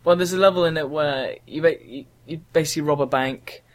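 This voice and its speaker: A young man chats casually on a gaming podcast, wandering through his points with frequent ums. His voice sits a little on the high side. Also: a little fast. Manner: rambling, chatty, frequent ums. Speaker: podcast co-host.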